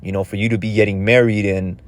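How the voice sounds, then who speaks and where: A man's voice: fairly low pitch, flat delivery, fast talker. A man giving a casual, conversational scripture lesson in a loose, repetitive way of talking. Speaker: religious teacher.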